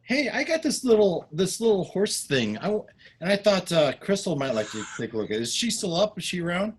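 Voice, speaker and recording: A man's voice: high-pitched, sing-song, brisk, husky, pitched above the performer's own voice, full character voice. A man voicing a friendly adventurer who coaxes people with chummy small talk.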